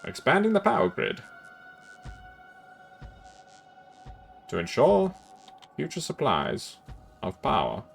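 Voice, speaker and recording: A man voicing a cheery old-timey male radio announcer with a transatlantic accent, in a booming, showy delivery. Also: huge pitch swings, moderate pace, vocal fry, faint music behind. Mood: grand.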